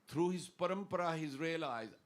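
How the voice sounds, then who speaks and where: A man's voice: fairly high pitch, moderate pace. A man giving an earnest, informal devotional talk in a temple class, telling stories and quoting Sanskrit verses. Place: temple hall.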